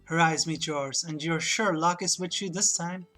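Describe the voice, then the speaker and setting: A woman's voice: deep voice, normal speed, a bit bright, faint music behind. A woman streaming a retro game, chatting casually, laughing often and reading the game's narration aloud. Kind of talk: let's-play commentary, reading game text aloud.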